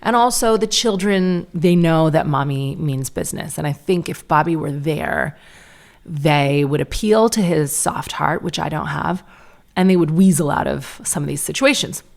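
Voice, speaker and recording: A woman in her thirties hosts her own podcast and tells family stories in a loose, chatty monologue. Her voice sits low with a gravelly fry. She leans on "like" constantly and slips into little acted-out quotes of what people said. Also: normal speed. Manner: chatty, lots of "like", acts out quotes. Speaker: podcast host. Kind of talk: casual solo storytelling.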